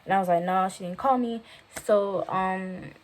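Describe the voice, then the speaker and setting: On a phone camera, a teenage girl from Jamaica tells a storytime for her channel at a moderate pace and medium pitch, with slight background noise. Her delivery is chatty and packed with fillers, and she quotes others in lively voices.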